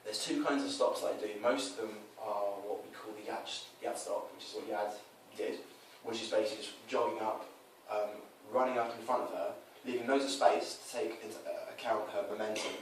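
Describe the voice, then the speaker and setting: A man's voice: on the low side, fairly quick, hardly any pauses. A man casually explaining his coaching approach, switching into quoted voices to act out scenes. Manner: animated, acts out quoted lines in changed voices. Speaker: dating coach. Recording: roomy echo, mic from a distance, faint noise.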